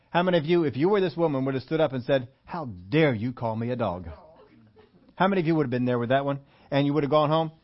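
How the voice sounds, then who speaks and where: A man's voice: fairly high pitch, muffled recording. A male pastor giving a conversational sermon, reading scripture and asking the congregation rhetorical questions with humorous asides.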